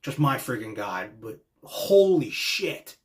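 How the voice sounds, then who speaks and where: A young man hosting a podcast, giving an excited, casual reaction monologue that swears freely and acts out quotes in voices. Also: mid-range voice, slow pace, heavy background noise. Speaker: podcast host reacting to wrestling.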